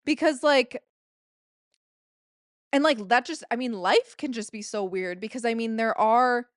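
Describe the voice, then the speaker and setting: A woman's voice: a little high, a little slow, no room sound, studio quality. A woman in her late twenties hosting a solo podcast, talking in a rambling, confessional way, full of filler words and casual swearing. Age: late 20s. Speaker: podcast host.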